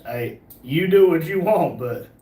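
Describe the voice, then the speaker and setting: A man's voice: on the high side, lively intonation, warm tone. A man, co-hosting a casual livestream with joking banter. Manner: joking banter, quick laughs. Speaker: livestream co-host. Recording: echoey room, distant mic, faint noise.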